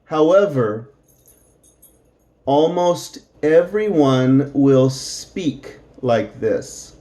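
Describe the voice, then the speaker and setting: A middle-aged man teaching English slowly to Spanish speakers, repeating each word and adding Spanish glosses. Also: mid-range voice, warm tone.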